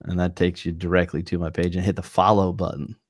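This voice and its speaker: Low-voiced man rambling casually. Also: level tone, a little fast, no echo. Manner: rambling, lots of fillers and restarts. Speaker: podcast co-host, streamer. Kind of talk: casual podcast chat. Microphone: video call.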